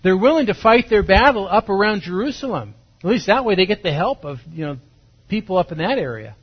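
Husky-voiced man preaching conversationally. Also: sits high, lively intonation, fairly quick, dull audio. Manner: conversational, asks listeners questions, acts out quotes. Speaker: pastor. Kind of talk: sermon, verse-by-verse Bible teaching.

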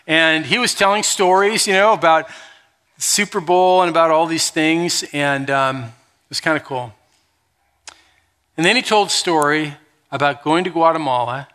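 A man preaching a sermon, reading scripture and then telling stories with lively quoted voices. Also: a little high. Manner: animated storytelling with quoted voices. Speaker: pastor.

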